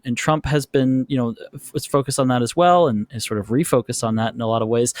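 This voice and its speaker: A man's voice: medium pitch, no echo, clean studio sound. A man hosting an interview podcast, asking long questions in a hesitant, searching way. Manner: hesitant, searching phrasing with restarts. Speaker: podcast host.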